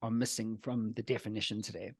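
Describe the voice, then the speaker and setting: A man's voice: fairly low pitch, little pitch movement, fast, breathy edge, no echo, studio quality. A man hosting a casual podcast, asking questions and telling loose, profane stories. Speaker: podcast host.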